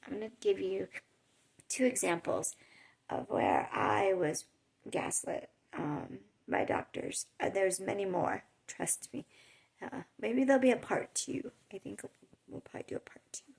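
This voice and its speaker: Gravelly-voiced woman chatting to camera. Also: medium pitch, very animated, unhurried, darkish tone. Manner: chatty, rambling, with little laughs and fillers. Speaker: chronic illness vlogger. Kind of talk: casual storytelling to camera. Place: home in a hot desert area.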